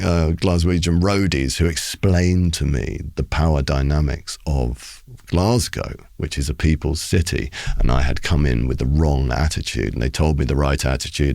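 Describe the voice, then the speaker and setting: A middle-aged male poet, a guest in a studio interview, telling an animated, theatrical story with many restarts and voices acted out. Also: low-pitched, gravelly, no echo. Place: recording studio.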